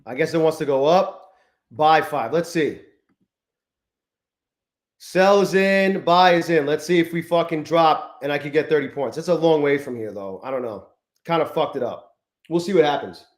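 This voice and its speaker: Brief: male live-stream host, somewhat high voice, loose profane rambling, roomy echoey sound. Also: moderate pace. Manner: profane, rambling, greets chat viewers. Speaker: livestream host. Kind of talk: casual live-stream chat.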